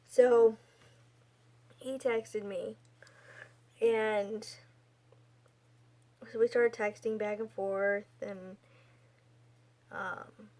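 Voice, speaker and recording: Young woman vlogging, slow unhurried chat, rambly with lots of ums and restarts. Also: a little high, fairly even intonation, a little mellow. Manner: chatty, rambling with many fillers and restarts. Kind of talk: casual storytelling.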